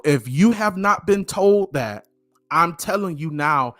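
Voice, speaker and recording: A man's voice: on the high side, lively intonation, takes it slowly, fairly bright tone, dry recording, clean studio sound. A middle-aged man giving an earnest motivational talk to camera, repeating phrases for emphasis, with faint music behind him. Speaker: motivational speaker.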